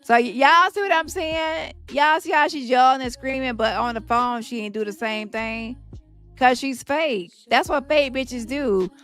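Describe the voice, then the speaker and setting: Woman host, taunting and confrontational, high and bright voice, faint music behind. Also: unhurried, smooth. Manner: taunting, confrontational, addresses viewers directly. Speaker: livestream host. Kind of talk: heated reaction commentary.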